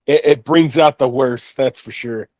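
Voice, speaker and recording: A man's voice: mid-range voice, unhurried, darkish tone, no room sound, highs cut off. A man co-hosting a casual gaming chat show, who laughs easily and answers in short, agreeing bursts. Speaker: co-host.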